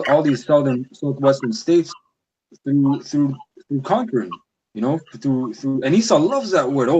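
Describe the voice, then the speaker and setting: A man talking in a heated, animated way through a casual religious discussion, tacking "man" onto his sentences as he goes. His voice sits at a middling pitch. A clear hiss of noise and some clicks run under the recording. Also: highs cut off.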